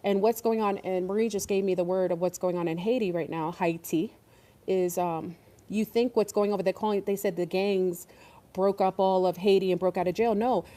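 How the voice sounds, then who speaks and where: Woman host for a casual online talk stream; warm, darker voice, rambling and emphatic. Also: mid-range voice, fairly even intonation, normal speed. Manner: rambling, emphatic, many fillers.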